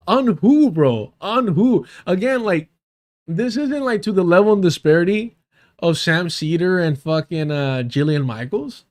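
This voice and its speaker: A man's voice: high-pitched, animated, slow, long pauses, a little mellow. A man hosting a livestream, giving sarcastic, profane reaction commentary and talking straight to his chat. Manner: addresses chat directly. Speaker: livestream host.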